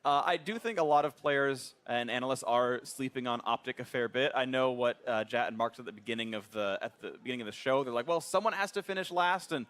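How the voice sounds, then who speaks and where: A man casting a live esports match, energetic and joking as he introduces the teams. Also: medium pitch, quick pace, hardly any pauses. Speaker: esports caster.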